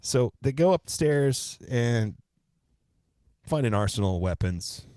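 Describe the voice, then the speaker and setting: A man's voice: mid-range voice, takes it slowly, dry recording, studio quality. A man co-hosting a podcast, casually retelling a true-crime story step by step, now and then swearing. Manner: relaxed, profane, retells events step by step. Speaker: podcast co-host.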